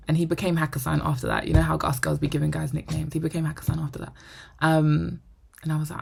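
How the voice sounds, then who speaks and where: Low, gravelly young woman telling a story. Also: quick pace. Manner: animated, acts out quoted dialogue; drops to a whisper for inner thoughts. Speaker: vlogger. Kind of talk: storytime monologue.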